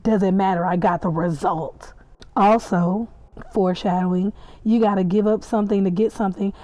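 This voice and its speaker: A woman giving a casual, excitable recap and reaction, chatty and acting out the scenes as she tells them. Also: mid-range voice, normal speed. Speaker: podcast reviewer.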